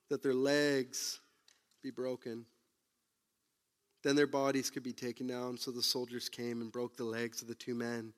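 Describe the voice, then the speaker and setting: A man preaching a sermon who retells the story dramatically, moving between loud bursts and hushed, low passages. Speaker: pastor.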